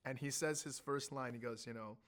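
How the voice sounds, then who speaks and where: A man telling an animated story as an interview guest, acting out what others said. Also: medium pitch, brisk. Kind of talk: conversational anecdote telling.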